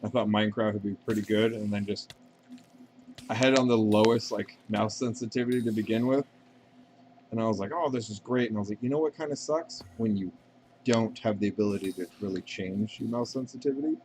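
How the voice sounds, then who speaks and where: Casual low-voiced man streaming games. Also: fairly even intonation, a little fast, a little mellow, a little hiss or hum. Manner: rambling, profane, answers chat questions. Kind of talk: casual live-stream chat while gaming.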